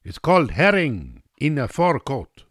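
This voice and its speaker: A blunt, hospitable Russian hostess, put on by a man, speaking in slow, broken English. The pitch swoops, up and down, and the delivery is unhurried and low, with a close, dry sound. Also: huge pitch swings, a bit bright, dry recording, heavily acted. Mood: declaring.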